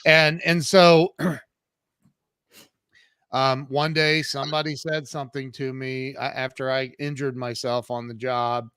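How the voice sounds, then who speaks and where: A man in his fifties, an entrepreneur and podcast guest, recounts his life in an animated, conversational way. He often restarts sentences and uses fillers. His mid-pitched voice sounds close and dry, with no room echo. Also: slow, smooth. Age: 50s.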